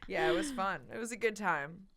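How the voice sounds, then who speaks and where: A young woman from Boston co-hosting a casual comedy podcast, loud and excitable, often breaking into laughter. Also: medium pitch, brisk. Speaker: podcast co-host.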